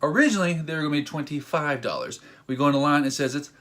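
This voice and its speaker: A man vlogging a casual story in an excitable, rambling way, acting out what people said. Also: a little high, quick pace. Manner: excitable, rambling, acts out quotes.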